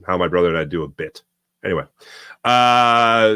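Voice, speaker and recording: A man's voice: on the low side, moderate pace, bright, forceful tone, clean tone, no echo, studio quality. A young man hosting a live sports talk stream, rambling and reading viewers' comments aloud. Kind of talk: casual live-stream chat.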